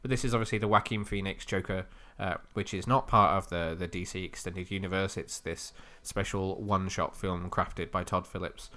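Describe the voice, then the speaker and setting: A man's voice: low voice, steady tone, normal speed, hardly any pauses, bright, forceful tone. A man co-hosting a casual comic book podcast, chatty and teasing, often laughing. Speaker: podcast co-host.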